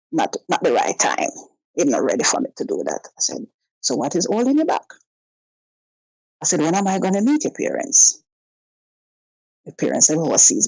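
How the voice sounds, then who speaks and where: A woman's voice: deep voice, gravelly, a little mellow, breathy edge, dry recording, low-quality recording. A woman, calling in and telling a personal story in a casual way, acting out both sides of the conversations. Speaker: caller.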